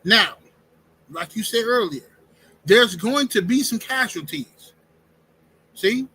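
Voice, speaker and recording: A man hosting a live-streamed talk show, speaking in an animated, emphatic way, often restarting sentences. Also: high voice, slow, slightly rough, rough recording. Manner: animated, emphatic, repeats words and restarts, says "bro" and "fam". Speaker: podcast host. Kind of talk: casual opinionated live-stream chat.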